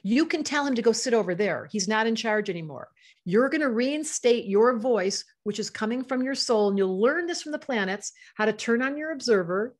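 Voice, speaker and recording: A woman's voice: fairly high pitch, animated, moderate pace. An older woman teaching astrology to a live online audience, passionate and emotional, reading out chat comments as she talks.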